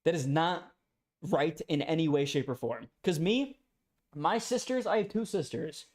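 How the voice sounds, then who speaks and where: A man's voice: fairly high pitch, unhurried. A young man in a heated, profane casual rant as a streamer. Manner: profane, ranting, emphatic.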